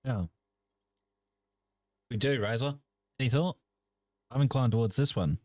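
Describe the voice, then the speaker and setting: A man's voice: mid-range voice, a little slow, darkish tone, dry recording, studio quality. A man streaming a video game as host, chatting casually and talking straight to his viewers. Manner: laid-back, chatty, addresses viewers directly. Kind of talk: casual gaming commentary to chat.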